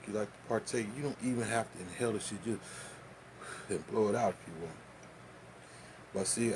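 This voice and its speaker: A man's voice: on the low side, a little mellow, slight background noise. A man telling a loose, profane, laughing story and showing how to roll tobacco. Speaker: vlogger. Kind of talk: casual storytelling and demonstration.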